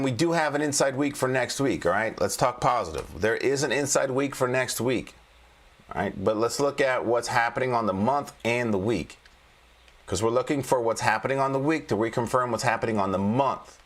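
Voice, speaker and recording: A man of middle pitch hosts a relaxed livestream about trading charts. He talks in a folksy, joking way, restarting sentences often and chatting with viewers as he goes. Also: a little fast. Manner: folksy and jokey, with frequent restarts and laughs. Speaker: trading coach and livestream host. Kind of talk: casual livestream chart commentary.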